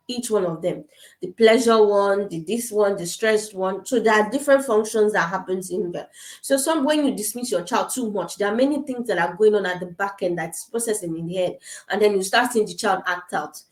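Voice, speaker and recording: Quick, emphatic African woman in an echoey room. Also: medium pitch. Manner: quick, emphatic, repeats points. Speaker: parenting speaker. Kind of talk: informal advice talk. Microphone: camera.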